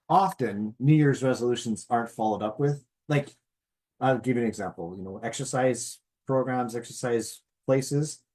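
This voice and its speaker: Middle-aged guy doing a motivational business pitch, husky voice, folksy, keeps saying okay. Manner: animated, folksy, checks in with "okay?". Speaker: presenter.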